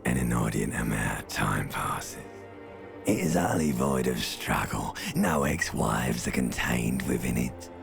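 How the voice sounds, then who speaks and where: An actor voicing an ancient reptilian brain in a video game, slow, lulling and intimate, gravelly male voice. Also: extremely low pitch, exaggerated voice. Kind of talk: game voice acting. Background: faint game music.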